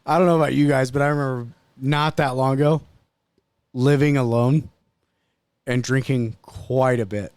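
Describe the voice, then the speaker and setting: A man's voice: mid-range voice, fairly even intonation, normal speed, darkish tone, smooth, no room sound. A man co-hosting a podcast in casual chat, crude and joking, often acting out other voices. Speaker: podcast co-host. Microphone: studio mic.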